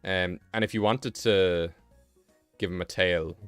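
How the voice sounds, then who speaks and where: A man's voice: low-pitched, fairly even intonation, measured pace, clear, resonant tone, no room sound, soft background music. A young British man streaming live, chatting casually and rambling with self-mocking asides while he draws. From Britain.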